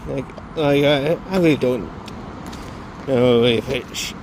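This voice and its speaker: A tired man records a casual vlog monologue, rambling, halting, and correcting himself as he goes. He has a mid-range voice, and the background is noisy.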